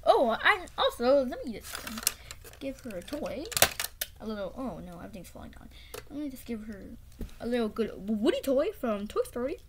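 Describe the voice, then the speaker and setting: A woman voicing a cheerful, thoughtless clay boy in a home toy play-acting video, with stammering, excited baby talk. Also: on the high side, moderate pace, noisy background. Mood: casual. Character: cheerful clay boy, carefree and thoughtless toward his friend.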